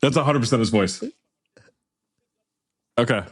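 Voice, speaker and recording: A man's voice: medium pitch, measured pace, breathy edge. A man co-hosting a podcast in casual chat, blunt and given to crude jokes. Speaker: podcast co-host.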